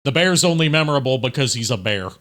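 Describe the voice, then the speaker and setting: Joking guy guest on stream, bright edgy voice. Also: medium pitch, expressive, quick pace. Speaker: fan-series cast guest. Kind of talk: casual chat.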